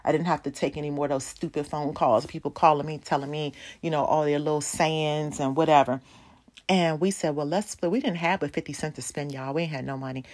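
A woman's voice: sits low, fairly quick, darkish tone. A woman in her forties giving a sermon testimony, telling a personal story and speaking to the congregation as "y'all". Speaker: pastor's wife preaching.

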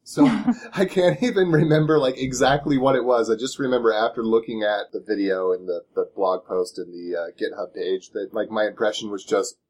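A man with a low voice hosts a casual panel chat. He talks in a relaxed way, chuckles often and phrases things loosely. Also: normal speed, hardly any pauses. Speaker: podcast host.

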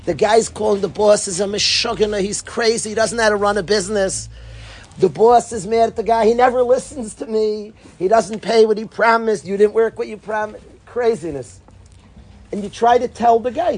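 A man, a rabbi and educator, giving an informal Torah talk as an animated storyteller who acts out dialogue. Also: high-pitched, normal speed, husky.

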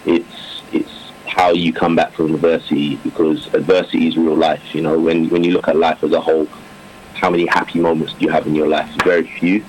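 A man with a very deep voice talks through his cricket career in a relaxed interview. He rambles, circles back, and fills gaps with "you know" and "um", sometimes breaking into a laugh. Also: brisk, a little hiss or hum, poor audio. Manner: rambling, many fillers and restarts, warm laughter. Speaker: professional cricketer, now coach.

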